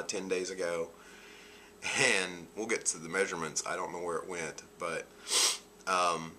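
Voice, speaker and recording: A man's voice: low voice, sharp tone, slight background noise. A man talking casually in a video diary, a bit nasal from allergies, chatty and upbeat. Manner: chatty, upbeat, laughs often. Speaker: vlogger.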